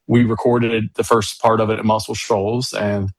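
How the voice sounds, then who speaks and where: Male musician guest, low voice, monotone delivery, rambling enthusiastic storyteller. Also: normal speed, no room sound. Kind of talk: casual interview chat.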